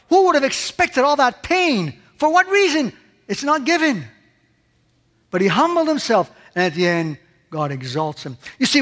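A pastor with a high voice delivers an impassioned sermon. His pitch climbs sharply on questions and falls to a quiet hush at the ends of phrases. A long reverb trails each line, as in a large hall.

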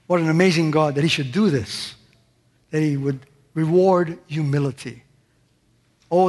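Male pastor, high-pitched, impassioned preaching with big rises and hushed drops, long hall echo. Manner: impassioned preaching, rising high on questions and dropping to a hush. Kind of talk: sermon.

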